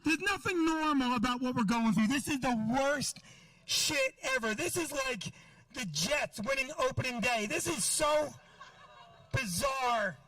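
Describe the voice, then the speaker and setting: A man doing a stand-up comedy set outdoors, loud and ranting, shouting his punchlines. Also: very high voice, sing-song, unhurried, no room sound, recorded from a distance, poor audio. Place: outdoor parking lot show.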